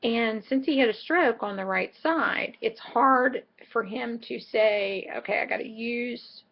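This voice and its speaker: Husky, gravelly woman rambling on. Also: a little high, slow, dull audio. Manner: rambling, chatty storytelling with asides. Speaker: vlogger. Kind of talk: casual chat.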